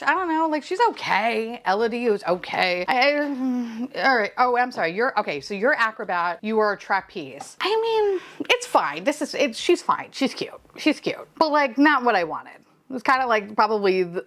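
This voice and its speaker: A woman's voice: on the high side, a bit bright. A young woman chatting casually as she unboxes blind-box figures, swearing freely, gushing over them and laughing often. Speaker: vlogger unboxing blind boxes.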